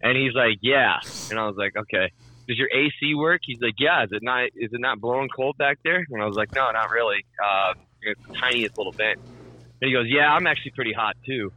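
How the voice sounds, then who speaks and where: A man's voice: mid-range voice, fairly quick, sharp tone, highs cut off. A young man telling a story in casual chat, swearing freely and acting out both sides of the conversation. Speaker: storyteller on a podcast.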